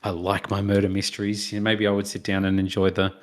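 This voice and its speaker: A man co-hosting a film review podcast, chatting casually and telling animated anecdotes. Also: sits low, fast talker. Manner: animated storytelling, mocking asides. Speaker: podcast co-host.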